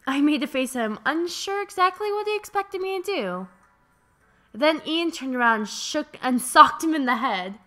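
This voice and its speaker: A young woman hosting a let's play, reading a visual novel aloud in an animated, playful way with jokes and swearing. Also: high-pitched, moderate pace.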